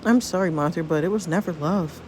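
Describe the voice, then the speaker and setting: A woman's voice: fairly low pitch, a little fast, a little mellow, a little hiss or hum, close to an everyday voice, rough recording. A woman voicing a teenage boy who is anxious and blames himself over becoming a father. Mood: serious. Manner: distressed, self-blaming.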